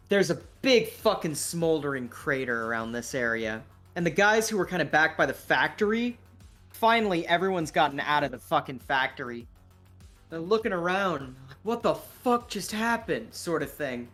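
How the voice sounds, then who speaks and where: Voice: mid-range voice, expressive, normal speed, a bit bright, faint music behind. A game master narrating a tabletop game in a casual, rambling way, full of swearing.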